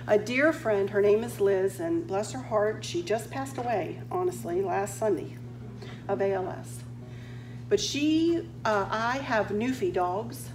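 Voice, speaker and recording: A woman's voice: mid-range voice, slight background noise. A woman crafting instructor talking to a room of women, chatty and full of quoted back-and-forth stories. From Virginia, USA. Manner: chatty, warm storytelling with quoted exchanges. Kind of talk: friendly class talk to a group.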